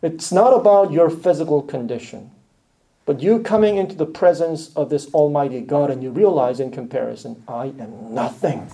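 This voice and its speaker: A man preaching a sermon earnestly, rising to loud emphatic lines and dropping to quiet, hushed ones. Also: fairly high pitch, moderate pace. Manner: earnest, swells loud then drops to near-hushed lines.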